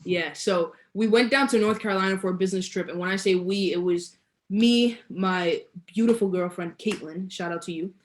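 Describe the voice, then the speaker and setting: A woman's voice: medium pitch, moderate pace, a little hiss or hum. A young woman, a guest entrepreneur, telling a story in a casual interview, laughing often and stretching key words. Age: young adult.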